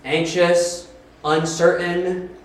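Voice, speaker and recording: A man's voice: high voice, flat delivery, drawn-out words. A man teaching an interactive Bible study, asking the group questions and repeating their answers. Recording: echoey room with background noise.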